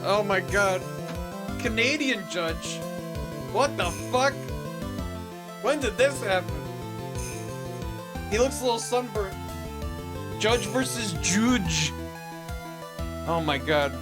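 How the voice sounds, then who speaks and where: A man's voice: high voice, lively intonation, slow, pauses often. A man streaming a video game, joking and swearing freely as he comments on it, over game music. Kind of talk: let's-play commentary.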